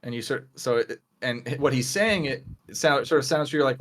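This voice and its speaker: A man's voice: mid-range voice, a little fast. Easygoing male game master. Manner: relaxed, filler-heavy narration. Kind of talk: narrating a tabletop game.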